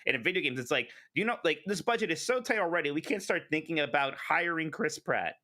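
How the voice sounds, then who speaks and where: A man talking casually as a podcast co-host, with a fairly high, bright voice. His pitch swings widely as he jokes, and he often laughs while he talks. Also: expressive, fast talker. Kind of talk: casual chat.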